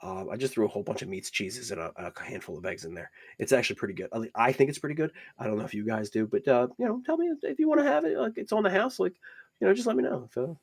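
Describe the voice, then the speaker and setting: A man's voice: quick pace, gravelly, husky, no echo, heavily acted. A man voicing a friendly male bugbear cook who rambles awkwardly and yelps with eager delight. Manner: high, excited shouts of "yeah", rambling and awkward.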